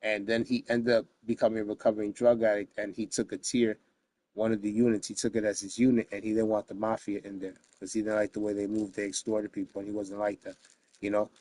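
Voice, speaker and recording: A man's voice: lowish voice, little pitch movement, fast talker, mellow, no room sound. A man from the United States, a guest in an interview, telling a story in a casual, streetwise, profane way, full of "you know what I mean" asides.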